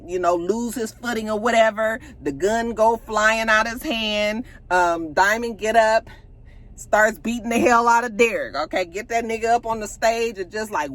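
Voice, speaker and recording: Woman breaking down a tv episode, lively, does all the character voices. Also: mid-range voice. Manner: animated retelling, acting out characters' lines. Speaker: TV show recapper. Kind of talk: casual recap of a TV episode.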